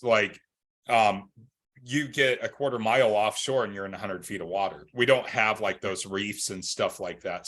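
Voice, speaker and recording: A man's voice: mid-range voice, a bit bright. A man guest on a podcast, chatting in a laid-back, joking way with some restarts. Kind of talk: casual podcast chat.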